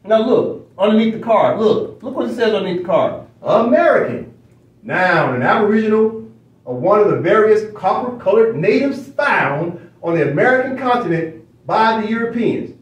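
A man's voice: high-pitched, animated, normal speed, reverberant, recorded from a distance, muffled recording. A man leading a study session, lecturing emphatically with repeated phrases and rhetorical questions. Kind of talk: lecturing while reading from a screen.

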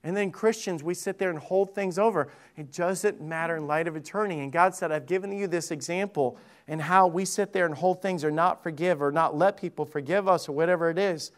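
Male pastor, high-pitched, chatty preaching with restarts and questions to the pews. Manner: conversational preaching with frequent restarts and questions to the congregation. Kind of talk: sermon. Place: church sanctuary.

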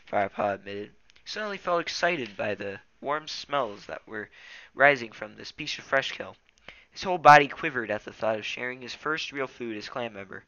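A man's voice: medium pitch, lively intonation, brisk, pushed and bright, no room sound, muffled recording. A teenage boy reading a novel aloud casually, stumbling and correcting himself. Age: teens. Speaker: reader.

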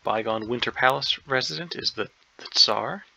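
A man's voice: medium pitch, moderate pace, gravelly, bright, forceful tone. A man thinking aloud as he solves a crossword, hesitant and unsure, full of ums and second guesses, on a dull lo-fi recording. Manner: hesitant, unsure, many ums and self-doubts. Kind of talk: thinking aloud while solving a puzzle.

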